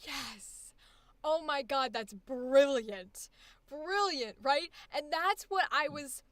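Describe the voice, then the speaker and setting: A woman, a voice acting coach, directing a live session with an animated, emphatic, directive manner. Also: sits high, slow, dry recording.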